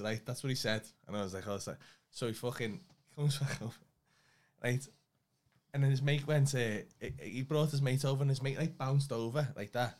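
A man in relaxed conversation, spinning a long comic anecdote with lots of swearing. His voice sits at an ordinary middle pitch, and he talks loosely and chattily. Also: normal speed. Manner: rambling anecdotes, heavy swearing. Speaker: comedy podcast co-host. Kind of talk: casual storytelling chat.

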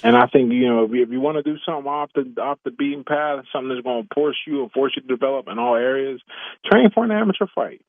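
A man's voice: medium pitch, quick pace, dry recording. A man calling in as a guest on a radio show, talking in a casual, eager way with many 'you know's, heard over a tinny phone line.

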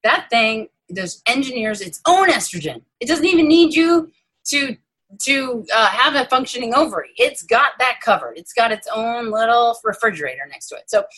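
A middle-aged woman, a breast cancer surgeon, giving an animated guest explanation with playful, self-mocking asides. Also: a little high, normal speed, slightly rough, poor audio. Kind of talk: animated explanatory interview talk.

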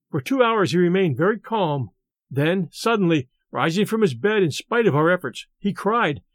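A man reading classic stories aloud in a measured, dramatic narration. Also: high voice, no echo. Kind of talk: scripted story narration.

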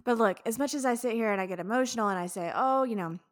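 Woman, podcast host, solo talk, frank and emotional, swears freely, slightly high voice. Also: racing, no echo, clean studio sound. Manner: candid and heartfelt, freely swearing; emotional, speaks of tears.

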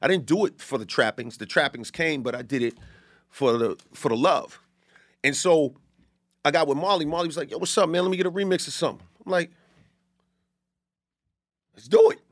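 A man, a guest in an interview, telling stories in a relaxed, casual way and often checking in with his listener. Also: a little high, dry recording, studio quality. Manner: fast, laid-back, peppered with "you know what I'm saying".

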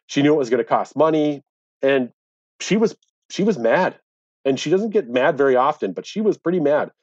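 A man's voice: fairly high pitch, expressive, normal speed, darkish tone, no room sound. Man, earnest storyteller, indignant edge; dry, slightly dull recording. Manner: earnest, indignant when recounting. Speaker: interviewee, angler. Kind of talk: conversational storytelling.

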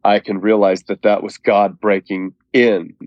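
Man, fairly low voice, earnest heartfelt testimony, dry close sound. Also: flat delivery, a little slow, no echo, muffled recording. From Oklahoma. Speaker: guest. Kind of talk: personal testimony in an interview.

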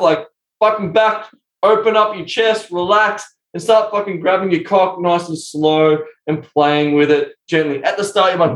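A young adult man speaking as a coach in a casual podcast interview, swearing constantly as he tells animated stories. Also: high-pitched, moderate pace. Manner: profane, animated storytelling. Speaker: sex and intimacy coach, guest. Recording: roomy echo.

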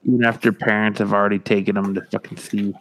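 A man's voice: fairly low pitch, quick pace, noisy background. Profane, joking male podcast host. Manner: profane, animated storyteller who acts out quotes. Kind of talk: casual podcast banter.

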